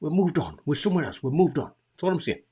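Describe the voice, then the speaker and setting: A man's voice: fairly high pitch, very animated, fast talker, dark tone, husky. A man with a Geordie accent co-hosting a casual chat, teasing and repeating himself for effect. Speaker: podcast co-host.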